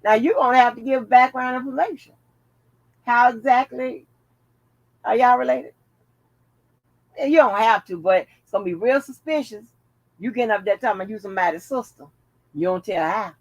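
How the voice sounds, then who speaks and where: A woman's voice: on the high side, moderate pace, pauses often, no echo, muffled recording. A woman hosting a casual commentary vlog, chatting bluntly and jokingly to her viewers with plenty of profanity. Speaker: channel host.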